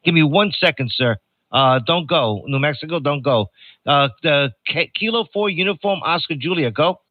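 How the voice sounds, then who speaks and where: Over a noisy radio transmission with phone-quality sound, an older man from New York runs a ham radio net. He reads call signs and jokes around casually, his voice on the high side, expressive, and moderately paced.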